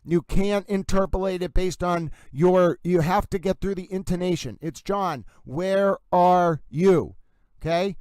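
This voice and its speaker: A man from Massachusetts with a Massachusetts accent, hosting a livestream of courtroom commentary and pressing his points emphatically to "ladies and gentlemen". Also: sits high, steady tone, normal speed, hardly any pauses, clear, resonant tone, dry recording. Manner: emphatic, insistent, repeatedly addresses "ladies and gentlemen". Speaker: livestream host.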